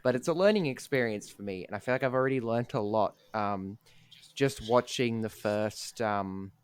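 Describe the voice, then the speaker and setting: A man's voice: fairly low pitch, moderate pace, clear, resonant tone. A young man co-hosting a podcast, talking in a laid-back, self-deprecating way full of ums. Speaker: podcast co-host. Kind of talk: casual chat.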